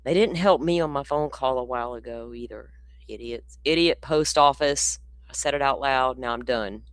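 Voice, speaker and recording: A woman's voice: very deep voice, a little fast, no room sound. A woman hosting a livestream, talking casually and with exasperation, ranting and laughing often. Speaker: livestream host commenting on a trial.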